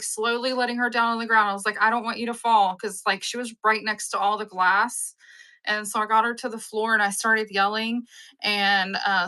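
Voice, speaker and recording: A woman, hosting a live stream and chatting with viewers, rambling through stories and acting out the people in them. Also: on the high side. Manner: rambling, animated storyteller who acts out the people in her stories. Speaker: live-sale stream host. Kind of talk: casual chat with live viewers.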